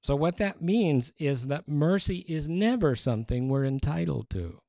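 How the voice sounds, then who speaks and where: A male pastor preaching a sermon in an animated, conversational way with playful exaggeration. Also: on the high side, normal speed, creaky, no room sound. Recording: dull, dry sound.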